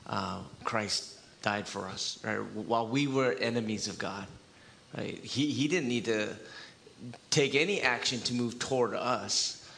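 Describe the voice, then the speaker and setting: A man interviewing a guest for a church, responding warmly to his story and tying it to scripture. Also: lowish voice, unhurried, gravelly. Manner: earnest and affirming, cites scripture.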